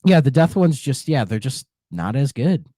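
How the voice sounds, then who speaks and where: A man's voice: mid-range voice, moderate pace, no echo. A man co-hosting a podcast in a casual chat, telling stories with lots of laughter. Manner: laughs often, animated storytelling. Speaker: podcast co-host.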